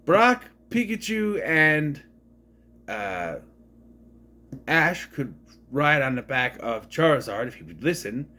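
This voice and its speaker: A man's voice: fairly high pitch, a bit bright. A man from Minnesota recapping a movie in a casual, rambling way, correcting himself and adding wry asides. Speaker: movie reviewer.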